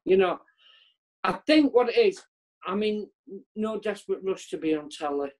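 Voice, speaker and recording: A man's voice: high-pitched, lively intonation, moderate pace, darkish tone. A man who is a comedian, chatting candidly as an interview guest over a video call, rambling and self-deprecating and trailing off mid-sentence. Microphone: remote video call.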